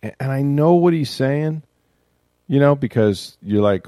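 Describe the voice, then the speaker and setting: A man hosting a casual sports talk show, talking in an animated way, repeating words and acting out what others said. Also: medium pitch, unhurried, no echo, clean studio sound.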